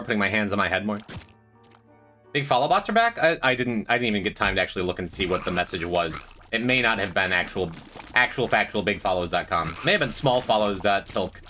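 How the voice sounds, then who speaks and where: A man's voice: on the low side, pushed and bright. A man streaming a game, chatting with viewers in a dry, joking way. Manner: dry, joking, talks to chat. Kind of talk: casual gameplay commentary. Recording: faint music behind.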